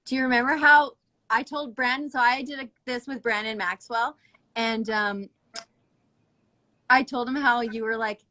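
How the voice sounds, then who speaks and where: A woman stylist hosting a live stream over her phone, chatting in an excitable, gushing way. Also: on the high side, moderate pace, long pauses. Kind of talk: casual chat.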